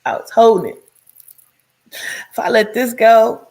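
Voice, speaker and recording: A woman telling her own life story in a casual, animated way, cursing freely and acting out what people said. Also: a little high, measured pace, a little hiss or hum. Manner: profane, blunt and animated, acts out quoted speech; addresses listeners directly as "child" and "girl".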